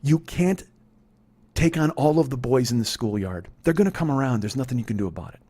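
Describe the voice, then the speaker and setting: A man in his forties tells a confessional story in a rushed, husky voice. He talks intensely and profanely, rambling and circling back on himself as the words tumble out. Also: mid-range voice, animated, warm tone. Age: 40s. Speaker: comedy podcast host.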